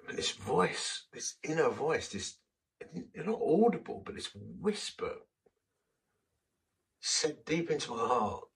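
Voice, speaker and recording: A man's voice: mid-range voice, very animated, takes it slowly, pauses often, husky, far from the mic, poor audio. A man preaching a sermon, telling a personal story in a conversational, self-deprecating way.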